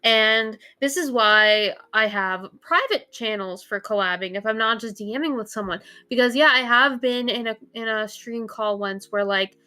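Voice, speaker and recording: Bright-voiced young woman chatting. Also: fairly high pitch, moderate pace, few pauses, smooth. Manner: chatty, rambling, laughs often. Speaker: guest, VTuber. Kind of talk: casual chat.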